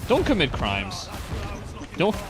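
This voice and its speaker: Man, game streamer, casual chat, slightly high voice, very lively pitch. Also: slow, over music. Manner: animated storytelling, mimics others in high shouts.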